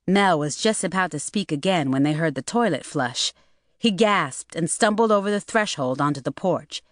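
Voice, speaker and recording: A woman narrating an audiobook in a steady, even reading voice. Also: deep voice, moderate pace, no room sound, studio quality. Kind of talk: scripted narration.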